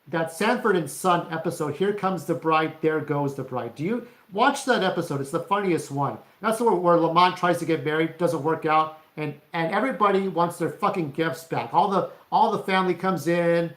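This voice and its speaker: A man's voice: fairly high pitch, normal speed, fairly bright tone. A man delivering a rambling, profane rant to camera as a vlogger, often checking in with "okay?". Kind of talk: ranting monologue to camera. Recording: roomy echo.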